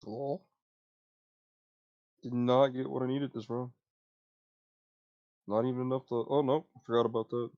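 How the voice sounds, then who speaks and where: A woman with an extremely low voice chats through a card game, making laid-back, dry remarks. Her audio comes through dull and lo-fi, as if from a cheap mic. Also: level tone, a little slow, pauses often. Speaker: co-player. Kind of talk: casual chat while gaming.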